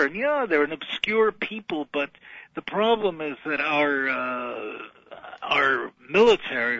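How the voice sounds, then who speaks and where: A man's voice: fairly high pitch, pushed and bright, dry recording. A man on a radio talk show, explaining foreign affairs in a wry, lecturing way with many fillers. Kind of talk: radio discussion. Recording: dull band-limited radio audio.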